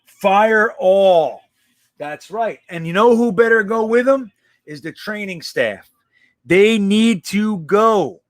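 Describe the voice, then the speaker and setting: A man with a high voice hosts a casual live stream, reading out comments and answering them bluntly, swearing freely. The sound is dry and close, with no room around it. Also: expressive, slow pace, no echo. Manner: blunt, profane, reacts to chat.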